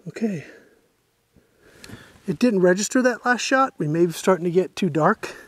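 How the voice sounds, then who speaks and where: A man's voice: high-pitched, lively intonation, normal speed, a bit bright, dry recording. A man hosting a hands-on airgun review outdoors, a little out of breath, casually talking through each step as he goes.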